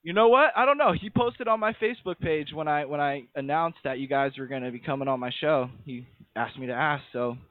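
Young guy hosting, slangy laid-back talk, slightly high voice, thin phone-like sound, dry. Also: no echo. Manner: laid-back, slangy, quick to laugh along. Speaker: radio show host. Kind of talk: casual interview.

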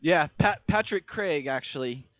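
Young guy hosting, slangy laid-back talk, slightly high voice, thin phone-like sound, dry. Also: lively intonation, no room sound. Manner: laid-back, slangy, quick to laugh along. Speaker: radio show host. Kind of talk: casual interview.

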